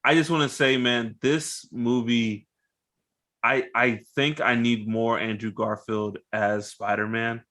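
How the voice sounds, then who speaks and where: Relaxed man, podcast co-host, mid-pitched, casual slang. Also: takes it slowly. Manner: laid-back, loose, says bruh and dog. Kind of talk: casual reaction chat.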